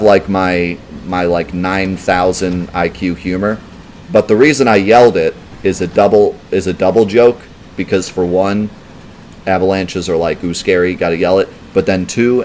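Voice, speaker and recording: With a low, slightly mellow voice and a bit of background noise, this man streams a video game live. He's a let's play streamer whose gameplay commentary is chatty and rambling, peppered with "like" and "um" as he responds to viewers' questions.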